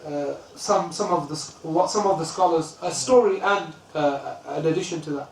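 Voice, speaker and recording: Telling stories and swiftly chanting verses, a British religious teacher gives a classical poetry lesson in a gravelly, slightly high voice. A little hiss or hum and faint ambience come through the echoey room and the far-off mic.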